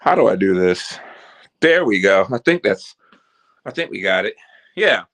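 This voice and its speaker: A man's voice: fairly low pitch, very animated, normal speed, pauses often, fairly bright tone. A man hosting his own vlog, rambling and joking with theatrical announcer-style openings. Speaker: host. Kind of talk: casual vlog chat.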